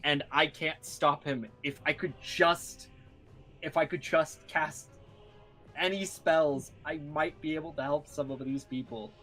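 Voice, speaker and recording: A man's voice: fairly high pitch, steady tone, unhurried, fairly bright tone, faint music behind, rough recording. A man voicing a desperate male adventurer who prays and pleads while fleeing, in an exasperated tone. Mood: exasperated pleading.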